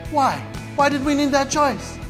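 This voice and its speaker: A middle-aged male stand-up comedian telling stories in a playful, animated way, recorded live before an audience in a large hall. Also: very high voice, unhurried, over music. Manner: animated, playful storytelling with acted-out quotes.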